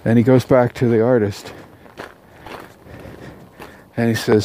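A man telling a parable aloud, unscripted, with halting restarts and fillers. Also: mid-range voice, little pitch movement, warm tone, a little hiss or hum. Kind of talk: oral storytelling of a parable.

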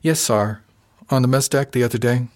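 A man's voice: mid-range voice, normal speed, a little mellow, voice pushed up, lightly acted. A man voicing a shy young female junior officer on a ship, in an audiobook.

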